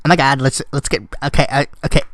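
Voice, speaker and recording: A man's voice: mid-range voice, steady tone, fast, a bit bright, slight background noise. A man vlogging in casual commentary, sarcastic and rambling, often correcting himself mid-sentence.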